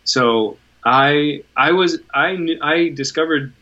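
A man in his thirties speaks as a podcast guest, earnest and candid, restarting sentences and swearing now and then. His voice is bright and forceful. The recording sounds dull and lo-fi. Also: fairly high pitch, takes it slowly. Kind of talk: candid conversational storytelling.

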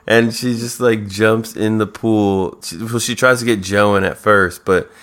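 A man's voice: fairly low pitch, fairly even intonation, measured pace, fairly bright tone. A man co-hosting a podcast, recapping a TV episode in a casual, laid-back way and slipping into silly character voices. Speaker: podcast co-host.

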